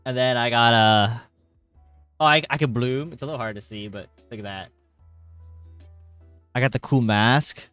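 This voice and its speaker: A man's voice: medium pitch, normal speed, long pauses, clean tone, no echo, faint music behind. Rambling young man streaming, tired. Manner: rambling, jokey, reads chat aloud with sudden loud greetings. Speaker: livestreamer. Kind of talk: casual live-stream chat. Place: hot bedroom.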